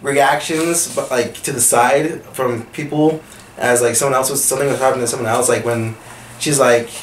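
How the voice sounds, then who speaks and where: A podcast co-host recapping a TV show in a casual chat sounds like an enthusiastic fan, filling her talk with lots of fillers. The voice is mid-range with fairly even intonation and a normal speed. The recording is echoey, the speaker far from the mic, with a faint hiss.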